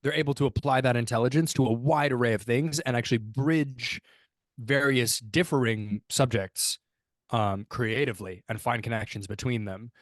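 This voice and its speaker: A man's voice: mid-range voice, moderate pace, no room sound. A man co-hosting a casual podcast, thinking aloud in a rambling way and restarting his sentences. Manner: thoughtful, rambling with restarts and fillers. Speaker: podcast co-host.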